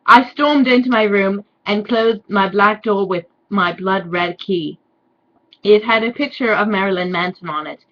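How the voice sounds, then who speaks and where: A woman giving a sarcastic dramatic reading with deadpan, mocking asides. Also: mid-range voice, measured pace, highs cut off. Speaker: reader and commentator.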